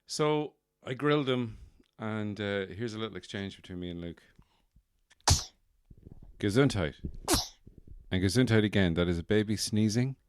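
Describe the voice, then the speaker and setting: A man's voice: lowish voice, normal speed, long pauses, background noise. A man hosting a podcast, rambling wryly and poking fun at himself in a casual monologue. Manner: wry, self-deprecating, rambling. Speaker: podcast host.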